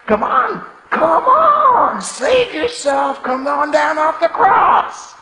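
Guy putting on a sneering mob, yelling way up high and taunting, big echoey hall. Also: very animated, slow pace, heavily acted. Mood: jeering. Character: jeering male crowd mocking a dying man. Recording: echoey hall with long reverb.

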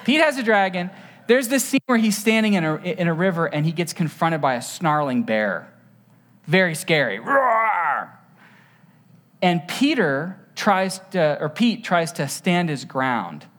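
A preacher giving a casual, chatty sermon whose pitch rises and falls in wide swings. The delivery is lively, with rhetorical questions tossed to the congregation and stories acted out with little sound effects. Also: moderate pace. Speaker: pastor. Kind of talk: conversational sermon.

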